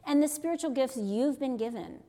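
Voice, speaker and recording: A woman's voice: sits high, animated, a little fast, warm tone. A middle-aged woman giving an earnest, conversational sermon-style teaching, often checking in with her listeners. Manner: earnest, conversational, with frequent rhetorical "right?". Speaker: teacher on deliverance ministry.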